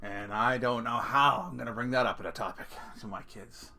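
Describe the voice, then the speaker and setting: A man's voice: medium pitch, a little fast, vocal fry, bright, forceful tone, a little hiss or hum. A middle-aged man telling family stories in a casual rant, swearing freely and laughing at his own punchlines. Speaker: vlogger.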